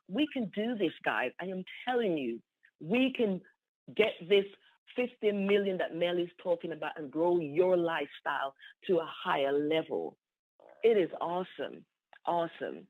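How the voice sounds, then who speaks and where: A woman's voice: on the low side, lively intonation, normal speed. A woman giving an exuberant, repetitive testimonial on a conference call, laughing often. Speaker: team member sharing a testimonial. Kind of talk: excited phone testimonial. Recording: tinny phone line.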